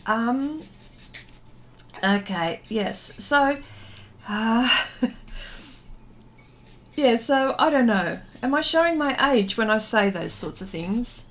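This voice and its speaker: A woman's voice: on the high side, lively intonation, takes it slowly, long pauses, a bit bright. A middle-aged woman hosting a casual art livestream, chatting, reading viewer comments aloud and laughing often. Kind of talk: casual livestream chat while painting.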